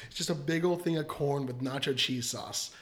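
A man's voice: mid-range voice, normal speed. A man in his thirties, a podcast guest, telling long casual stories and laughing often. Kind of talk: casual chat, storytelling.

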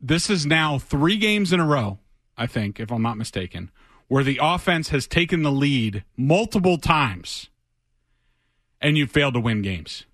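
A man's voice: medium pitch, big pitch swings, unhurried, fairly bright tone, dry recording. A man, a football reporter appearing as a guest in a radio studio, explaining plays in careful detail in a casual way. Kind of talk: sports radio talk.

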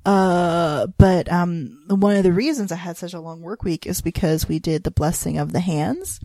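A woman's voice: lowish voice, moderate pace, warm tone, no room sound. A woman who works as a hospital chaplain resident, chatting casually on a podcast, rambling with many fillers and laughs. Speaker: podcast co-host. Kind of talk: casual chat.

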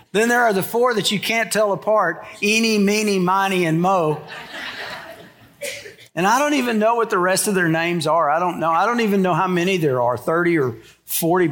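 High-voiced older man preaching. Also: fairly bright tone. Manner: folksy storytelling, shifts from Bible reading to humorous anecdotes. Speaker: pastor. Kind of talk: sermon.

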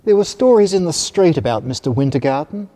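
A man reading a children's picture book aloud, expressive and animated. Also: on the high side, fairly quick. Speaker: storyteller. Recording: reverberant hall.

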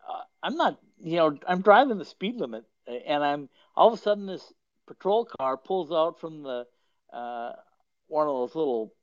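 A man's voice: fairly high pitch, no room sound. A man hosting a podcast who chats and tells stories casually, rambling and often chuckling mid-sentence. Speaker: podcast host. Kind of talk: casual storytelling chat. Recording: dull lo-fi dry sound.

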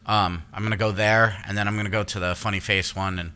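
A man's voice: on the low side, level tone, quick pace, bright, forceful tone, clean tone. A man co-hosting a podcast, chatting casually and loosely, swearing and trailing off with fillers. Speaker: podcast co-host. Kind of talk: casual chat.

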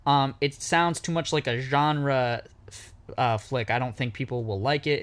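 A man's voice: medium pitch, moderate pace. A man co-hosting a casual movie podcast, rambling through anecdotes and acting out the people in them. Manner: rambling storyteller, acts out quoted people. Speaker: podcast co-host.

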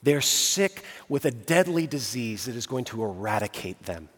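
A man preaching a sermon earnestly, building emphasis and slowing on key phrases. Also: medium pitch, big pitch swings, breathy edge, long reverb tail. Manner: earnest preaching with rising emphasis and slow pauses. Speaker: pastor.

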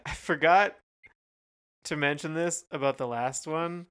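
A man's voice: on the high side, expressive, takes it slowly, fairly bright tone, clean tone. A man from California with a Californian accent, co-hosting a casual music review chat with hesitant, dry humor. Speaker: podcast co-host.

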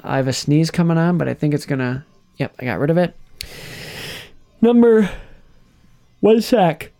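A podcast host rambles through a casual chat ranking movie villains, restarting sentences and laughing often. His voice is a little high with a dark tone, lively intonation, and normal speed.

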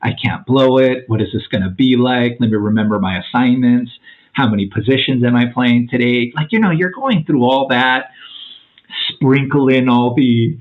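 A man's voice: mid-range voice, moderate pace. Forties male guest: chatty, acts out every quote, drops "dude" often; tinny phone-quality audio. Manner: animated storyteller, acts out quotes, says "man" and "dude" a lot. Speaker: podcast guest. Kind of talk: casual storytelling.

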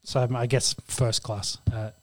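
A man's voice: mid-range voice, level tone, measured pace. A man with an Australian accent co-hosting a casual chat, rambling and easygoing, with lots of fillers. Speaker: podcast co-host.

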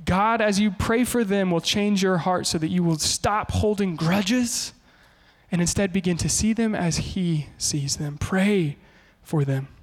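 A male pastor preaching a sermon in an animated way, often slipping into quoted voices. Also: high-pitched, unhurried, big-room sound.

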